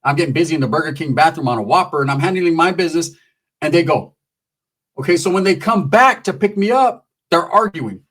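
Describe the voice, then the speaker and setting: A man's voice: on the high side, fairly quick. A man telling a profane, rambling comic story. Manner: profane, rambling, animated with voices. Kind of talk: comedic storytelling.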